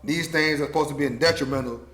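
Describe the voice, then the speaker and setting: Easygoing man with a fairly high voice. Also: quick pace, fairly bright tone. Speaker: podcast co-host. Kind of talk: casual group chat.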